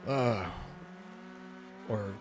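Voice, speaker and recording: A man's voice: lowish voice, extremely slow. A man hosting a late-night radio talk show, telling stories in an easygoing way and laughing at his own punchlines. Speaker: radio host. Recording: noisy radio broadcast.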